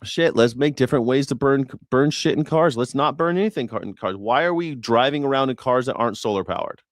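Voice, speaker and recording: A man's voice: medium pitch, brisk, no echo, clean studio sound. A man hosting a news reaction show, talking in a casual, profane and sarcastic rant. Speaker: host.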